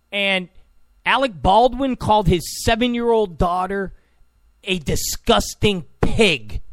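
A man's voice: high-pitched, gravelly, dry recording. A man delivering a ranting political commentary, exasperated and mocking, repeatedly scoffing "come on.".

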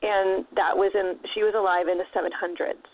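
A woman co-hosting a podcast, with a voice in the middle range. She explains things in a relaxed way and drops in jokes. The sound is narrow and phone-like, as on a radio broadcast. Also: medium pitch, brisk, slight background noise. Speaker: podcast co-host. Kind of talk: casual chat.

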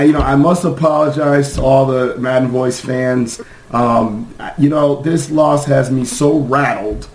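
A man hosting a sports podcast, hoarse from screaming, ranting in a fired-up, profane way with many fillers. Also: mid-range voice, reverberant, poor audio. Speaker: podcast host.

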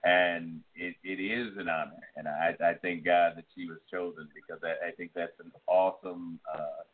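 A man's voice: low-pitched, flat delivery, normal speed. A man co-hosting a casual chat show, rambling and earnest. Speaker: co-host. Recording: tinny phone-like line.

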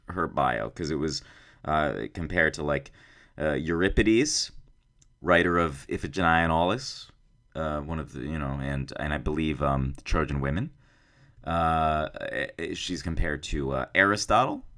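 A man's voice: low-pitched, fairly bright tone. A man hosting a podcast, talking in a rambling, self-deprecating, joking way. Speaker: podcast host. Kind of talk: casual podcast intro and interview. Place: office.

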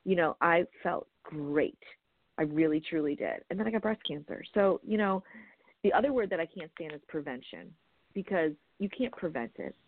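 A woman's voice: on the low side, expressive, moderate pace, no room sound. A woman in her forties, a guest advocate, telling her story frankly and with animation in a podcast interview. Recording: phone-line audio.

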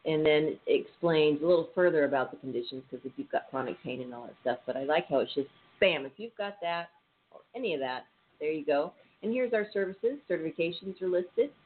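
A radio show host talking in a chatty, rambling way and laughing easily. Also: mid-range voice. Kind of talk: casual radio chat. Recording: phone-like sound with faint hiss.

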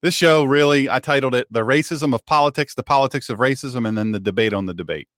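A man's voice: medium pitch, fast, fairly bright tone, dry recording, studio quality. A male radio show host and pastor, talking in a folksy, sarcastic monologue with a joking mock-drawl.

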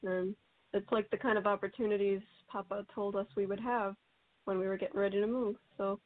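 A woman's voice: mid-range voice, level tone, a little fast, dry recording. A woman actor chatting about her role, upbeat and rambling with fillers. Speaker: stage actress. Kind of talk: casual interview chat. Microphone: video call. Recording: tinny, dry online call audio.

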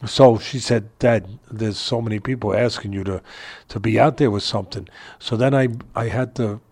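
An older man, a boxing trainer, telling a story in a casual interview from his home, animated and laughing as he talks. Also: fairly low pitch, normal speed, slightly rough. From New York area.

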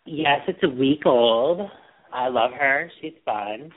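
Over a tinny, phone-like line, a podcast co-host with a medium-pitched voice talks slowly. His gossipy banter is sassy and full of playful teasing.

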